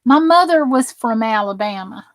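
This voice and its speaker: A woman's voice: fairly high pitch, expressive, moderate pace. A middle-aged woman with a Southern American accent, casually chatting and joking with viewers during a crafting livestream. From Southern United States. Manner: chatty and joking, reading out and answering viewer comments. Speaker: crafting channel host on a livestream.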